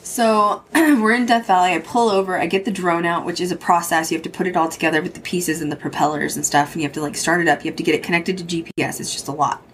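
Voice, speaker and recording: A woman's voice: lowish voice, fairly even intonation, fast, few pauses, slight background noise. Woman host telling a spooky story. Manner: swears freely, quotes others in dialogue. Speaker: podcast host. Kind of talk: casual storytelling.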